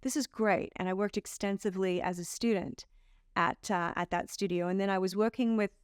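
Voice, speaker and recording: Middle-aged Australian actress, smooth and clear, dry close sound, chatty storyteller. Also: female voice, medium pitch, fairly even intonation, brisk, no room sound. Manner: warm storytelling with playful quoted asides. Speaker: actress being interviewed. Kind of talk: casual interview chat.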